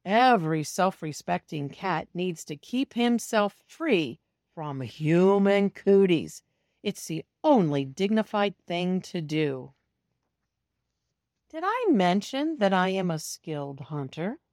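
A woman's voice: on the low side, no room sound, clean studio sound. A woman reading a children's storybook aloud, narrating as a cat in the first person and talking directly to young listeners. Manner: slow, expressive storytelling that talks to young listeners. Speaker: storybook reader.

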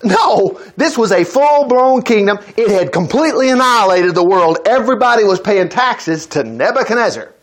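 Animated folksy male preacher, high lively voice. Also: normal speed, hardly any pauses. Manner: folksy, animated, acts out characters. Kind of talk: lively storytelling sermon.

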